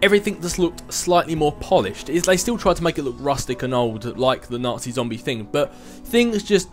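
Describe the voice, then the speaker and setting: A young man in his twenties hosts a casual vlog, answering viewer questions in a rambling, chatty way with self-mocking asides. His voice is on the high side and expressive, at a moderate pace, with faint music in the background.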